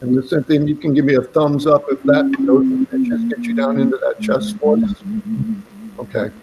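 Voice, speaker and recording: Encouraging male voice coach with a fairly high-pitched voice and a faint hiss behind him, giving step-by-step breathing and vocal exercise instructions. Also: moderate pace, muffled recording. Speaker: voice workshop leader.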